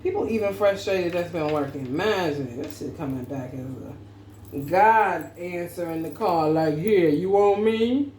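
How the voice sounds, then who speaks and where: A woman's voice: sits low, expressive, moderate pace, darkish tone. A woman who is a parent, giving a casual, profane tarot reading with lots of slang and laughter. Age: adult parent. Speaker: tarot reader. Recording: echoey room with faint background noise.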